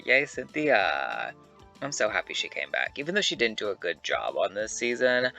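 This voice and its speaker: A young man and YouTuber giving casual, animated commentary to camera, chatty and swearing freely. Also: deep voice, creaky. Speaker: YouTuber ranking reality-show contestants.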